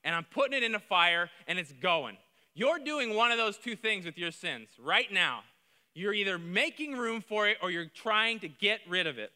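A man preaching with a high, very bright and ringing voice. He drives his points hard, dropping to near-hushed lines and then rising to loud, urgent calls. The sound carries a long reverb from a large church hall. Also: sing-song, normal speed. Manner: emphatic preaching, swings from quiet to loud. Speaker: pastor. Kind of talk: sermon.

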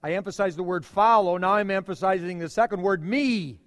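A middle-aged male pastor preaching a sermon, emphatic, with dramatic pauses and repeated phrases. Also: sits high, in a large hall.

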